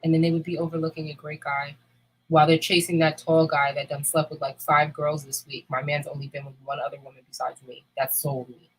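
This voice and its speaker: A woman's voice: low-pitched, flat delivery, a little fast, a little hiss or hum, low-quality recording. A woman in candid casual chat, talking bluntly and emphatically with frequent swearing. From United States.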